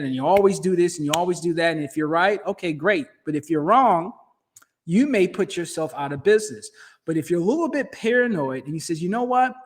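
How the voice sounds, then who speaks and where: A man with a Midwestern accent hosting a finance show, giving casual, emphatic commentary over a shared screen. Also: a little high. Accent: Midwestern American. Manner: conversational and emphatic, with restarts and slang.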